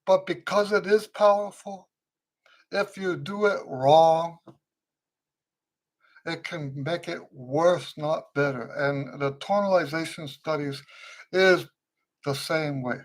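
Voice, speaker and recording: A man teaching trumpet on a live-stream Q&A, tired and weak with a fading voice, speaking slowly and repeating his key points for emphasis. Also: a little high.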